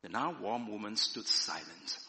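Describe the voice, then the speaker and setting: A man preaching a sermon and reading a story aloud with slow, dramatic storytelling. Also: lowish voice, expressive, creaky, sharp tone. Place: church. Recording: echoey hall.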